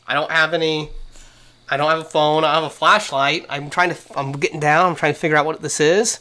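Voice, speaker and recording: A young man hosting a casual podcast, telling a story with lively acted-out quotes. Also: a little high, fairly quick. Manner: animated storyteller, acts out quoted voices. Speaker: podcast host.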